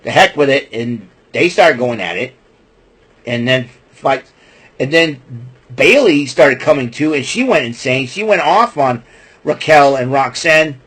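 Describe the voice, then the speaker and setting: A man giving a casual, rambling wrestling recap, repeating himself, getting fired up about the villains and clearing his throat often. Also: mid-range voice, expressive, measured pace, a bit bright, poor audio.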